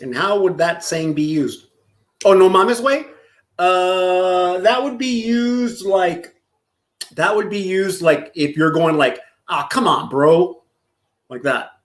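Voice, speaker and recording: On a live stream, a man from Los Angeles, California talks slowly in a voice that sits high. He's crude and jokey, reading chat messages aloud and laughing frequently.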